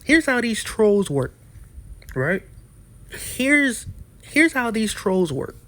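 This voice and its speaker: A man's voice: high-pitched, sing-song, slow pace, a bit bright. A man ranting as a YouTuber in a heated, profane way, often restarting his sentences. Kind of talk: ranting commentary.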